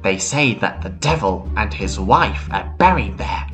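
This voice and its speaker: A man's voice: on the low side, lively intonation, unhurried, fairly bright tone, soft background music. A man voicing a bold young woman. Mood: explaining.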